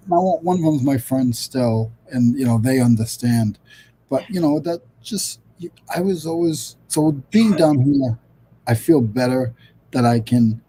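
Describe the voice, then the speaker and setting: A man's voice: mid-range voice, mellow, slight background noise, poor audio. A middle-aged man from Rhode Island hosting a casual livestream chat over a video call, rambling with lots of fillers and restarts. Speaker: host.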